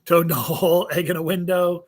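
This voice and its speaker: A man's voice: a little high, fairly even intonation, fairly quick. A man co-hosting a casual podcast chat, joking and rambling with frequent restarts and fillers. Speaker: podcast co-host.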